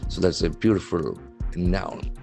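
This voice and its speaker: A man teaching vocabulary from a newspaper. He speaks slowly and deliberately, spelling words out letter by letter. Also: low voice, very animated, gravelly, mellow, faint music behind. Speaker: English language trainer.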